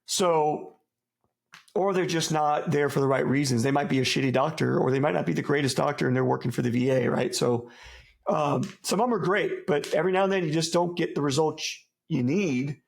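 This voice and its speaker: A man from the United States with a gravelly, creaky voice that sits a little high, talking as an interview guest. He speaks in a loose, laid-back way and swears freely. He rambles and restarts often, with buddy slang throughout. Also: brisk. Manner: rambling, many restarts and asides. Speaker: interview guest, former soldier. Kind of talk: casual interview chat.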